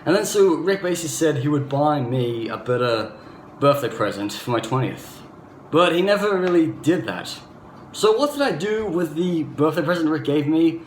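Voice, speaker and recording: A man's voice: fairly high pitch, very animated, moderate pace. A man in his thirties with an Australian accent, telling a personal story to camera in an earnest, rambling way, often leaning on "basically" and "you know". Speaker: vlogger. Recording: echoey room with faint background noise.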